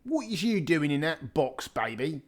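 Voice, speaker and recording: A man voicing a rough-spoken, kindly male burglar in a storybook reading, with slangy, ungrammatical speech. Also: fairly high pitch, big pitch swings, measured pace. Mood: soothing.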